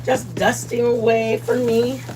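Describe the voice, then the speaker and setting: A woman with a slightly high, unhurried voice runs a casual cooking livestream in her home kitchen. She's chatty and playful, calling out viewers by name in loud, excited bursts, and the audio is poor.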